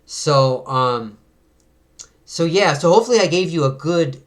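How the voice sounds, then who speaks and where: A man's voice: fairly high pitch, lively intonation, a little slow. A man hosting a comic book video, reading a comic aloud and chatting casually with fillers and little chuckles.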